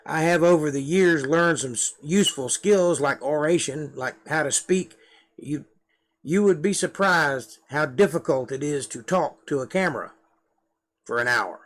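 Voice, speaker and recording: A man's voice: fairly high pitch, unhurried, a bit bright. A middle-aged man with a Georgia Southern drawl, rambling and self-deprecating in casual live-stream chat to camera. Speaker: live-stream host, musician.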